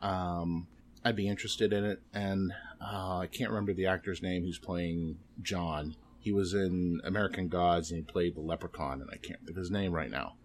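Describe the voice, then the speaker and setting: Deep-voiced man, halting podcast chat. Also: steady tone, a little hiss or hum. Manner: halting, many ums and restarts. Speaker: podcast guest.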